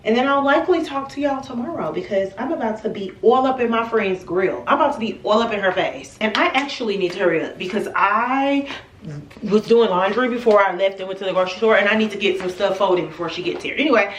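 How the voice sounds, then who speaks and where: A woman's voice: medium pitch, fast, a little hiss or hum. Chatty woman vlogging in an echoey room. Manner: chatty, talks straight to viewers. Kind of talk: casual vlog chat. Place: at home. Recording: echoey room, camera at a distance.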